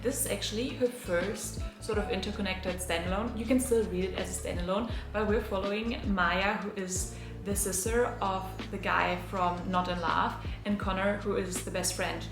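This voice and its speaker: A woman's voice: mid-range voice, fairly even intonation, normal speed, reverberant, music in the background. A young woman vlogging casually about books she read, gushing and chatty with lots of fillers. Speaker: book vlogger. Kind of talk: casual reading vlog chat.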